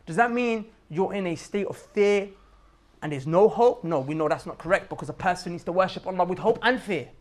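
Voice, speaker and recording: A man's voice: high-pitched, a little fast. A man giving a casual religious reminder talk, talking in everyday slang and pressing his listeners with emphatic rhetorical questions. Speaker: Islamic preacher.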